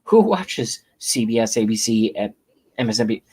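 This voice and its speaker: A man ranting on camera in a comic, profane political tirade, swinging between loud outbursts and hushed whispers. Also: on the low side, lively intonation, normal speed, husky, no echo. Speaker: channel host ranting on camera. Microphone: webcam.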